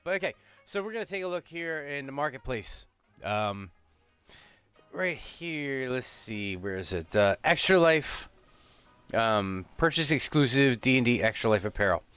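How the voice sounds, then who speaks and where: Upbeat male stream host, smooth voice. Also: mid-range voice, lively intonation, unhurried, fairly bright tone, soft background music. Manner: upbeat, laughs often, rambling. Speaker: livestream host. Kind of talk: casual chat on a livestream.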